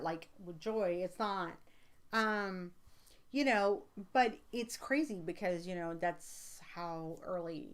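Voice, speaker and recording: An American woman hosting a live stream as a psychic reader, chatting casually with viewers, rambling with many fillers and turning emphatic when excited. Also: mid-range voice. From United States. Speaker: livestream host and psychic reader. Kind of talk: casual livestream chat, answering viewer comments.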